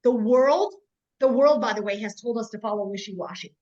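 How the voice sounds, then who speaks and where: A woman's voice: a little high, fairly quick, a little mellow. A woman in her forties giving a blunt, emphatic tough-love business training over a video call. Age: 40s. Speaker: network marketing trainer. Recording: dull, muffled video-call audio.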